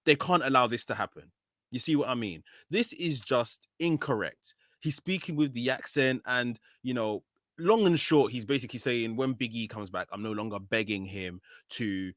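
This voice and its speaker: A man's voice: medium pitch, a bit bright, no echo, studio quality. A man with a British accent giving a casual, opinionated wrestling review, often frustrated, full of "um" and "you know". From Nigeria.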